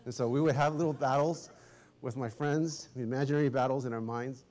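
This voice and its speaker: A man's voice: medium pitch, fairly quick. Chatty middle-aged male pastor. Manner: chatty, animated, self-correcting, laughs often. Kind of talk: casual storytelling sermon.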